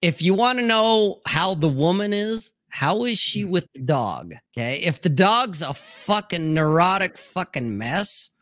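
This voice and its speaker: A middle-aged man hosting a casual livestream chat, telling crude stories with lots of swearing and animated delivery. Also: sits high, unhurried, hardly any pauses, no room sound, clean studio sound. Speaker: podcast host.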